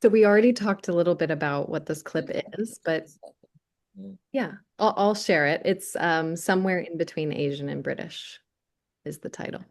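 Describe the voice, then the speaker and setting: A woman host quietly introducing a video clip. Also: on the low side, normal speed. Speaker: program host.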